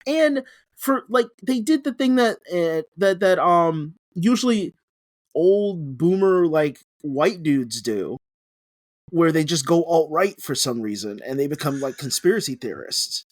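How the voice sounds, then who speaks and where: A man's voice: on the high side, animated, a little slow, dry recording, studio quality. A young man on a podcast, chatting casually and rambling, often restarting sentences and laughing. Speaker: podcast co-host. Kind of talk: casual chat.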